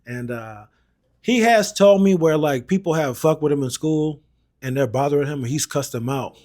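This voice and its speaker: A man's voice: fairly high pitch, moderate pace, darkish tone. A man in his thirties co-hosting a podcast, telling family stories in an easygoing, reflective way. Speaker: podcast co-host. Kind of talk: casual podcast chat.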